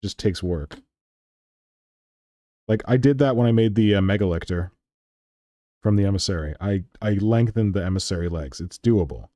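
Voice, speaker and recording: A man's voice: low voice, moderate pace, pauses often, mellow, no room sound, clean studio sound. A man hosting a hobby stream, chatting casually while he shows how to modify model parts and talks through gluing them. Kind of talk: casual chat and hobby demonstration.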